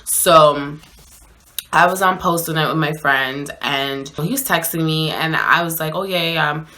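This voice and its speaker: A woman's voice: deep voice, unhurried, pushed and bright. A woman telling a dating story in a casual, slangy, chatty way, with plenty of "like" and "so anyways".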